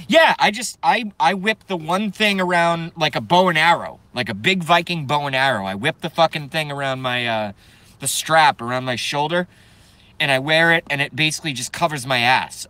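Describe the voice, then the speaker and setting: Bright-voiced, profane male streamer. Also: fairly high pitch, normal speed, dry recording. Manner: profane, rambling, joking, reads chat aloud. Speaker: live stream host. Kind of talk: casual ranting live stream.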